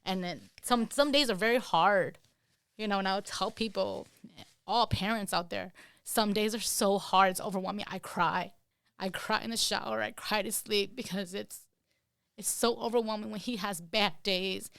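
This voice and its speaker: A woman's voice: mid-range voice, moderate pace, fairly bright tone, clear, resonant tone, dry recording, studio quality. A woman who is a parent, speaking candidly and earnestly as a podcast guest, with many "you know" fillers. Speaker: guest, parent of an autistic child. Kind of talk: candid conversational interview.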